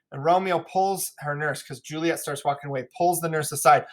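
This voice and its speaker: A male teacher leading a class read-through of a play, explaining the text and now and then reading lines in quick voices. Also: on the high side, a bit bright.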